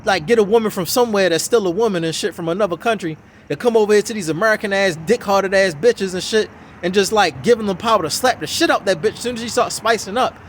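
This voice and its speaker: A man's voice: sits high, fast talker, a little hiss or hum. A man giving a heated, swearing, mocking reaction commentary on a video. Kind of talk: profane ranting reaction commentary.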